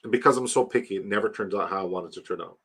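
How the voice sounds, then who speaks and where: A man's voice: lowish voice, very fast, fairly bright tone, slightly rough. Casual man hosting a stream. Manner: loose, swears, talks to chat directly. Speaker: livestream host. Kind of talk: casual chat.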